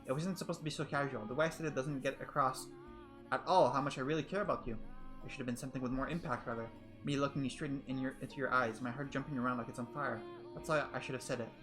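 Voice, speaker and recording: A man's voice: medium pitch, steady tone, fast talker, over music, close to an everyday voice. A man voicing a flustered, earnest young woman who stammers out a love confession. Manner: breathless, stammering, insistent.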